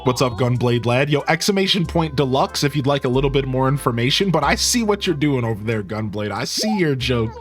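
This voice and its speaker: A man streamer giving excitable, casual gameplay commentary and talking to his chat. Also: mid-range voice, brisk, hardly any pauses, over music. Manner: excitable, talks to chat, says "dude" a lot.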